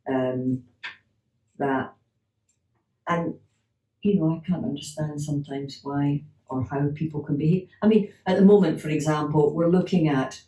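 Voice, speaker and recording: A middle-aged woman spins stories from her hypnotherapy practice, slipping into the voices of the people in them. Her tone is soft and mellow. She sits some distance from the mic in an echoey room. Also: sits low. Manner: lively anecdotes with acted-out dialogue and laughter. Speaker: clinical hypnotherapist. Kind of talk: storytelling in an interview.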